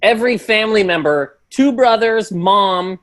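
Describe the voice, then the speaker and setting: A man's voice: high voice, normal speed, fairly bright tone. A comedian telling rambling, profane stories in loose podcast banter. He breaks into laughter mid-sentence and keeps piling on details. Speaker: comedian guest.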